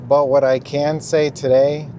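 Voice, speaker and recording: A man's voice: fairly high pitch, level tone, a little slow, mellow, slight background noise. A young man earnestly telling a personal faith testimony in casual speech, with frequent ums and you-knows. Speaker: Christian testimony vlogger.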